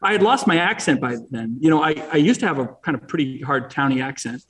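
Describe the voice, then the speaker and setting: A man's voice: fairly high pitch, expressive, quick pace, fairly bright tone, husky, recorded from a distance. A middle-aged man from New England, talking as an interview guest in a rambling way, with many restarts and fillers. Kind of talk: casual interview chat.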